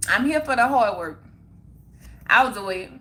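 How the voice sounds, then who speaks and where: A young woman talks casually to her livestream viewers and answers their comments. Her voice is bright and sharp. She is emphatic and keeps circling back to the same points. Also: on the high side, lively intonation, a little slow. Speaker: livestream host.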